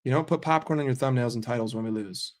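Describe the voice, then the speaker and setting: A man hosting a casual livestream, reading viewer comments aloud and answering them in a blunt, profane, animated way. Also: mid-range voice, fast talker. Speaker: livestream host.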